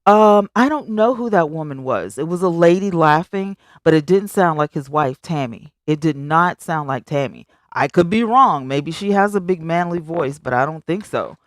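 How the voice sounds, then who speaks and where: A woman chats animatedly with live-stream viewers, reading their comments out and addressing them directly. Her emphatic delivery swings high whenever she exclaims. The sound is clean studio audio without echo.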